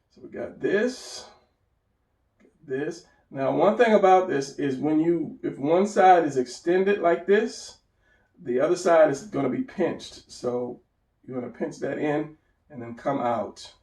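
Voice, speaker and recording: A man with a gravelly voice walks through a drawing lesson without a script. He rambles and corrects himself while sketching. The sound is echoey, as if he sits some way from the mic in a bare room. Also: a little high, slow pace, pauses often, darkish tone, recorded from a distance. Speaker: drawing instructor. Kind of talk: unscripted drawing tutorial.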